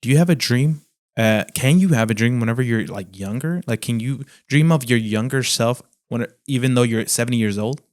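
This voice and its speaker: A man co-hosting a podcast in casual chat, easygoing and quick to agree. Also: mid-range voice. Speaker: podcast co-host.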